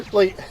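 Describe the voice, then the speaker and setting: A man doing casual let's-play commentary, teasing and swearing as he rambles. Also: a little mellow. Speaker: co-host of a gaming stream.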